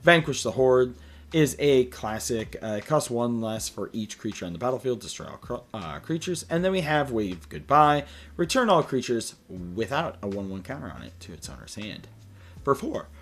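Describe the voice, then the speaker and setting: A tired man hosting a card game deck walkthrough, reading card text aloud in a relaxed way with many "uh" fillers, recording late at night. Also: medium pitch, moderate pace. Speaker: deck tech host.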